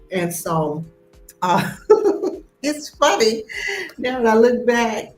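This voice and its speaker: A woman tells her own story on a live stream in an animated way and slips into the voices of the people she describes. Her voice sits in a middle range. The room is echoey, and soft music plays faintly underneath. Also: medium pitch.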